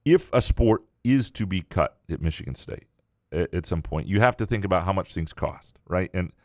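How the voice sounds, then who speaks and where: Deep-voiced man, casual sports podcast host. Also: lively intonation, no echo, studio quality. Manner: halting, many restarts and fillers.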